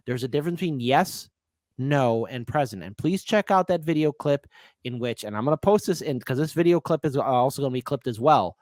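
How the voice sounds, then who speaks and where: A man's voice: on the high side, no echo, studio quality. A man hosting a casual political commentary show, rambling and emphatic, repeating points. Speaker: host.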